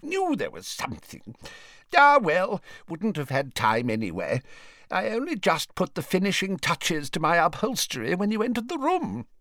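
A man puts on a stout, vain old wizard in a storybook reading, his voice climbing high and blustery, swinging up and down as he puffs and draws out his words. The recording is dry and close, with no room sound. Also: huge pitch swings, moderate pace, fairly bright tone, no room sound, exaggerated voice. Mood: grumbling.

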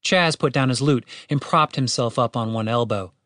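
A man's voice: mid-range voice, moderate pace, no room sound. Male narrator with a dry close sound. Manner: steady, wry storytelling with casual swearing. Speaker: audiobook narrator. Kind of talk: scripted fantasy audiobook narration.

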